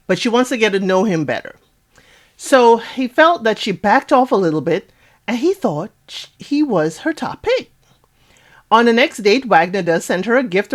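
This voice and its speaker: A woman recapping a reality dating show in a casual, sassy way, with asides to her viewers. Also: medium pitch. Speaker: recap host.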